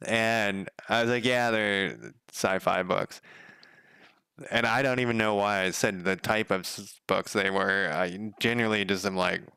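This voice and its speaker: A man talks in a loose, rambling way at home, chuckling often and swearing casually. His voice has a gravelly edge yet stays smooth and resonant. The sound is dry and close, with no room echo. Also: on the low side, steady tone, unhurried, pushed and bright. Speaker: game developer streamer. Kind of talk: casual chat.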